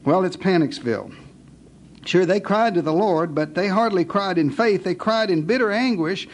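A theatrical male preacher with a high-pitched voice, spinning a scripture story into a lively sermon. He cracks jokes, then drops to a hush for dramatic effect. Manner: theatrical, wisecracking, shifts to hushed dramatic pauses.

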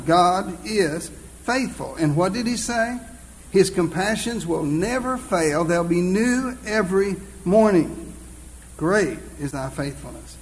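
A man preaching a sermon, earnest and exclaiming, reading scripture slowly and deliberately. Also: sits high, a little hiss or hum, poor audio.

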